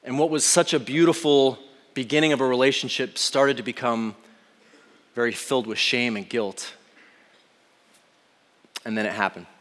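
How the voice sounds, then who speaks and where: A man's voice: medium pitch, moderate pace, long pauses, fairly bright tone. Confessional man speaking in a reverberant hall. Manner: earnest, confessional, hesitant at times. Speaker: speaker sharing a personal testimony. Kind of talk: personal testimony to an audience.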